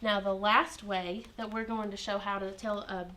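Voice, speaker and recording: A woman's voice: medium pitch, flat delivery, normal speed, bright, forceful tone. A woman teaching kindergarten in a classroom, patient and encouraging, asking the children lots of prompting questions.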